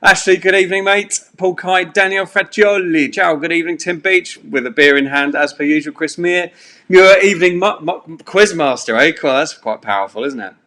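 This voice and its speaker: A man's voice: fairly high pitch, a little fast, hardly any pauses, sharp tone. A man, hosting a live-streamed pub quiz from a bedroom at home in a chatty, rambling way full of fillers. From England. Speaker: quiz host.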